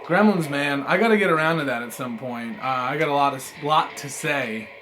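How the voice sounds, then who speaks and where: A man reviewing trading cards in a casual vlog, rambling and swearing, swinging between mumbled asides and excited outbursts. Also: on the high side, brisk, a little hiss or hum. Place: apartment room.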